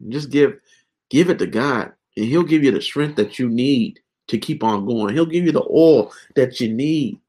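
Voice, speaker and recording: A man's voice: mid-range voice, a little mellow, slightly rough. A young adult man giving a casual video devotional. He rambles earnestly and keeps dropping "man" and "guys" as he speaks. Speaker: online Bible teacher.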